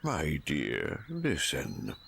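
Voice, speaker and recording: A man's voice: extremely low pitch, wildly swooping pitch, extremely slow, creaky, fairly bright tone, a little hiss or hum, heavily acted. A man voicing a loving, departed grandfather in a video game, speaking in a soothing, tender way. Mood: tender, comforting. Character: gentle late grandfather, loving spirit.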